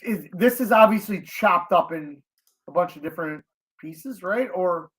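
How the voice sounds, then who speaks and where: Podcast cohost, mid pitch, blunt and jokey, swears a ton. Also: a little slow, a bit bright. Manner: profane, blunt, joking. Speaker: podcast co-host. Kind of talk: casual chat.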